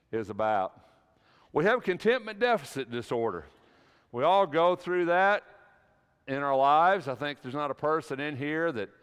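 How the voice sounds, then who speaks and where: A man's voice: on the high side, fairly bright tone, smooth, in a large hall. A middle-aged man preaching a sermon in a church, folksy and conversational, telling a personal story with frequent restarts. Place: church sanctuary.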